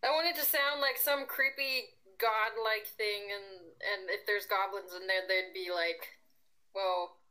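A woman's voice: medium pitch, steady tone, measured pace, few pauses, sharp tone, rough recording. A woman playing a tabletop game, unsure and thinking aloud. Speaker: player.

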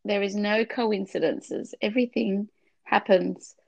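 A middle-aged woman, chatting on a podcast in a heartfelt, meandering way with frequent restarts. Her voice has a gravelly, fry-touched edge. The sound is close and dry, with little room echo. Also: mid-range voice, fairly even intonation, a little slow. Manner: tearful, heartfelt, rambling with restarts. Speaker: podcast co-host. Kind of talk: casual faith podcast chat.

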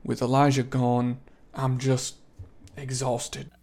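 A man voicing a weary, gruff older uncle who hunts monsters, in a tabletop game. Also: medium pitch, completely flat delivery, slow, darkish tone. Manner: tired, gruff, worn-down.

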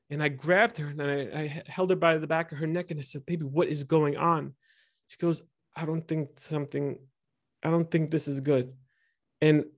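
Candid man telling personal stories. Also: on the high side. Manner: candid, vulnerable, animated storytelling. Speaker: speaker teaching instructors. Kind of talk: personal storytelling talk.

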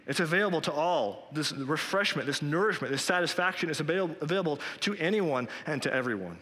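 A man's voice: fairly high pitch, expressive, brisk, fairly bright tone, in a large hall. A male pastor preaching a sermon in an earnest, conversational way, recorded in a church.

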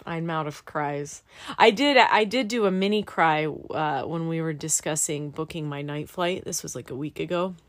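Brief: young woman, student pilot, candid storyteller, slightly low voice, dry close sound. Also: moderate pace, no room sound. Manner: candid, animated storytelling with swearing. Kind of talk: casual podcast chat.

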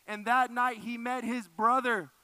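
A man preaching a sermon, emphatic and repeating phrases for effect, often dropping low and soft. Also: flat delivery, a little slow, clean tone, no echo. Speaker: pastor.

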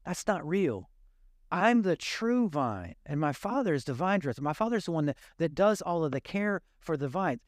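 A man's voice: a little high, lively intonation, brisk, few pauses, no echo, studio quality. A male pastor preaching a sermon in a casual, joking, conversational way.

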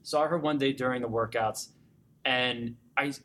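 A young man, a fitness coach, being interviewed and telling client success stories in an animated, conversational way, speeding up in excited bursts with frequent restarts. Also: medium pitch, a little slow. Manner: animated storyteller, grows excited and emotional when recounting clients. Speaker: fitness gym owner or coach.

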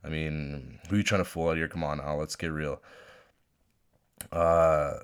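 Deep-voiced profane guy ranting. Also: little pitch movement, measured pace, smooth. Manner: profane, rambling, with restarts. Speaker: podcast host. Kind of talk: unscripted solo rant. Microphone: phone.

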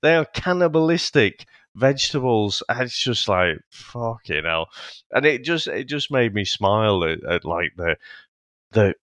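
Chuckling man, lively pitch. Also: measured pace, no echo. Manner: chuckling, hesitant, rambling. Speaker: podcast co-host. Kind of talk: casual film podcast chat.

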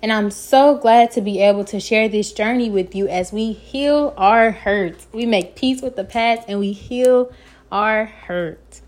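Earnest woman podcaster, higher voice. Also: measured pace, a little mellow. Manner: earnest, encouraging, stumbles over words. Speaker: podcast host. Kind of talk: motivational self-help talk.

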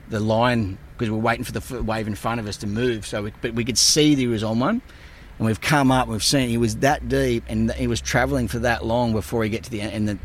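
A man, a guest telling surf stories in casual, animated talk full of swearing. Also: mid-range voice, slight background noise. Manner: animated, swears a lot, relives moments with voices. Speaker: guest surfer. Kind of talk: casual storytelling.

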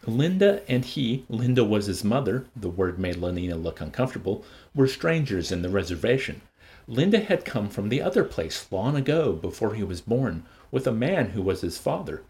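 A man hosting a show and reading a novel aloud in an expressive, varied voice. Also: lowish voice, normal speed.

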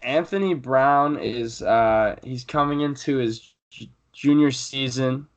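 A man's voice: mid-range voice, slow pace, highs cut off. A young man co-hosting a casual sports podcast, rambling with fillers and restarts as he previews his team. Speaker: podcast co-host.

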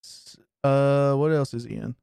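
A young man co-hosting a podcast in casual chat, blunt and teasing, swearing freely. His pitch sits at a middle level, and the sound is dry and close, with no room echo. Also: unhurried, vocal fry, warm tone, clear, resonant tone. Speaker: podcast co-host.

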